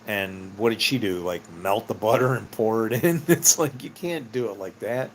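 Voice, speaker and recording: A man's voice: fairly low pitch, normal speed, a little hiss or hum. A middle-aged man telling rambling personal stories in a casual, meandering way, laughing often and swearing freely. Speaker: vlogger.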